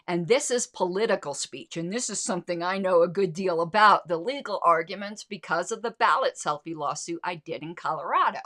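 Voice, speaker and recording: A woman's voice: on the low side, fairly bright tone. A woman hosting a casual livestream, talking through her notes with frequent restarts and fillers. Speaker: show host.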